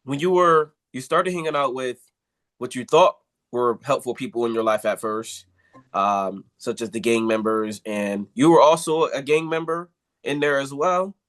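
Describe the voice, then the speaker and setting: Man interviewer, halting questions. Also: mid-range voice, fairly bright tone. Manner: brief affirmations and halting questions.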